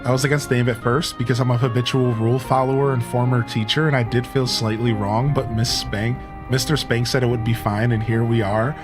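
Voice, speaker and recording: A man's voice: mid-range voice, little pitch movement, brisk, hardly any pauses, over music. A man from Ohio with a Midwestern accent, a streamer chatting playfully with his live chat while he plays, teasing and laughing often. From Ohio, USA.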